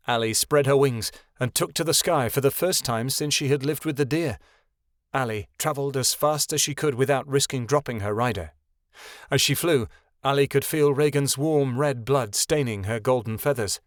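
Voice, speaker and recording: A man narrating a fantasy audiobook in a measured, expressive reading. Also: medium pitch, no room sound, studio quality. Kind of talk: scripted narration.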